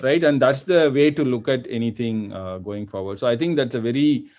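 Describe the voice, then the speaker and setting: A man from India speaking as a software executive on an online panel, explaining points with many fillers and tag questions. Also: medium pitch, brisk, lo-fi sound. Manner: explains with frequent "right?" and fillers. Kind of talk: panel discussion. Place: video call.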